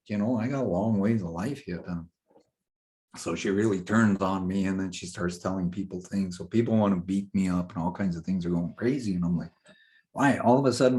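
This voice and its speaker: A middle-aged man, a guest in a casual interview, telling a personal story in an animated way and often laughing as he talks. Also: low-pitched. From Indigenous North American community. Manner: animated storyteller who laughs through his tale.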